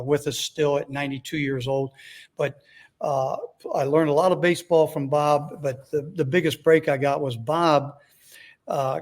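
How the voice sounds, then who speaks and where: Older man, guest storyteller, slightly raised pitch, rambling with fillers and dry self-mocking humor. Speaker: guest, former baseball manager. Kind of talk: casual storytelling interview.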